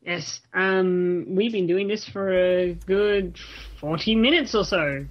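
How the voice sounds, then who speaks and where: A woman hosting a casual online chat show talks in loose, chatty bursts and restarts often. Her voice sits on the low side and she speaks slowly. The group conversation happens on a voice call through a home mic, giving a lo-fi sound.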